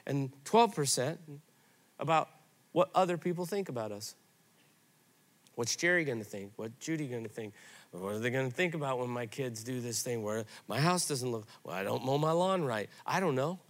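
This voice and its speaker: A middle-aged man pastor giving a sermon, telling stories in an animated, conversational way. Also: mid-range voice.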